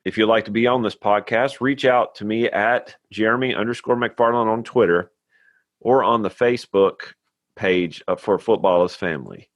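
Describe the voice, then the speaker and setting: A podcast host who speaks in a low register with plain earnestness. The sound is dry and close, with no room in it. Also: male voice, moderate pace, dry recording. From Tennessee, USA. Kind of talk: scripted intro then casual chat.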